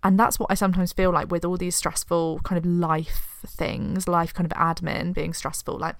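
Gravelly frank woman. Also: fairly low pitch, moderate pace, background noise. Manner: frank, animated storytelling with swearing. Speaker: podcast co-host. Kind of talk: casual chat.

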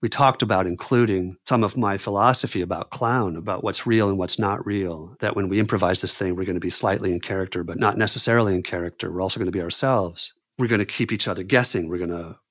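A man telling a personal story in an animated way, often repeating words and phrases. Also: deep voice, quick pace, hardly any pauses. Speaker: clown performer telling a story.

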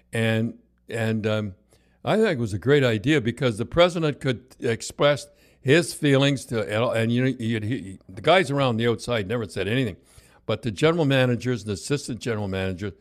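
An older man, a former hockey coach, telling rambling stories in casual chat, full of restarts and acted-out quotes. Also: mid-range voice. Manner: rambling anecdotes, lively, many restarts and quoted voices.

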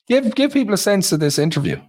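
A man co-hosting a podcast in casual chat, setting up topics and handing over to others in a measured way. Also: high voice, sing-song, darkish tone. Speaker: podcast co-host.

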